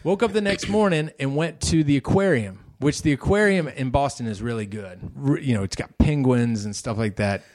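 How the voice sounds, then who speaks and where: Animated middle-aged man telling a story. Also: mid-range voice, moderate pace, few pauses. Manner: animated, acts out his son's voice in quotes. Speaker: podcast co-host. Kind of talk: casual storytelling chat.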